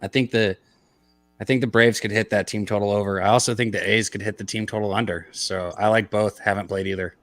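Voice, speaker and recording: A man's voice: fairly low pitch, fairly even intonation, a little fast, a bit bright, no echo. A man co-hosting a casual sports betting show, blunt and swearing, with hesitant fillers. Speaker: co-host. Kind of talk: casual podcast chat.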